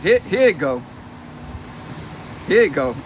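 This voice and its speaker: Man, young adult, profane livestream rant, slightly high voice, air-conditioner hum behind. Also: big pitch swings, takes it slowly. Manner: brash, profane and mocking, laughing between lines. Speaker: reality TV personality reading comments on a live stream.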